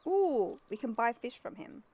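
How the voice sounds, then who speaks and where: A woman streaming a game live, chatty and excitable as she reacts to the game and greets her chat. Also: medium pitch, moderate pace, dull audio. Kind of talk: live gameplay commentary.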